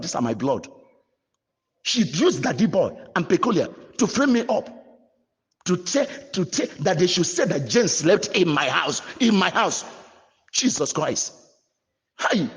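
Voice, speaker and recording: A man's voice: a little high, husky, big-room sound. A man with a Nigerian accent, a bishop, pleading and complaining with aggrieved repetition to a gathering. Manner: aggrieved, pleading, repeats himself.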